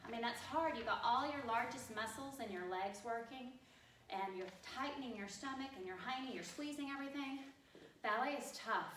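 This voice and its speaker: A woman's voice: on the high side, brisk, fairly bright tone, a little hiss or hum. A woman ballet teacher with a Texan accent, giving step-by-step cues while she demonstrates, a little out of breath. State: slightly out of breath. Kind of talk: online dance class instruction. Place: dance studio. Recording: echoey room from far off. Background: music playing.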